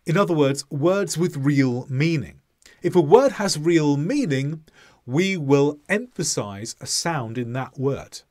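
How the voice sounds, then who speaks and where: A man teaching an English pronunciation lesson, speaking deliberately and modelling example sentences with clear stress. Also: on the high side, lively intonation, darkish tone.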